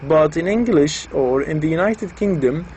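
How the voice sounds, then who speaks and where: A man's voice: a little high, expressive, normal speed, darkish tone, slight background noise, low-quality recording. A man giving an explanatory lecture, patiently repeating and rephrasing each point with examples.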